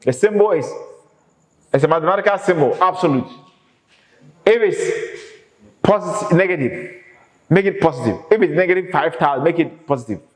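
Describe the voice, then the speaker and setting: In a reverberant, echoing room, a male economics lecturer teaches with emphasis, asking his students questions he goes on to answer himself. He talks at a moderate pace with frequent pauses, in a higher-than-average voice with lively intonation.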